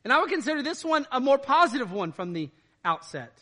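Speaking fast with big swings in pitch, a pastor preaches in church in a high, ringing, forceful voice. He reads out the verses and then unpacks them in plain, everyday terms.

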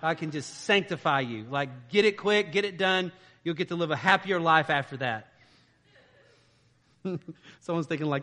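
A man's voice: a little high, normal speed, long pauses, bright, forceful tone, in a large hall. A man preaching a conversational sermon, informal and often checking in with "right?". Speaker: pastor.

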